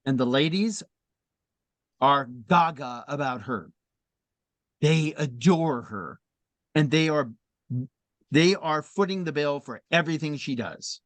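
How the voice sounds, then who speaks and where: A middle-aged man telling stories in a conversational talk, animated and laughing often as he speaks. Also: fairly high pitch, slow pace, long pauses, no room sound. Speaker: speaker in a faith discussion.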